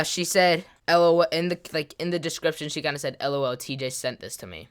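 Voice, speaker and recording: Teen boy telling a story with big swings in loudness. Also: quick pace, hardly any pauses, clean tone. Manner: animated, swings between loud exclaiming and low mumbling. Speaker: gaming video creator. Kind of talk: casual storytelling.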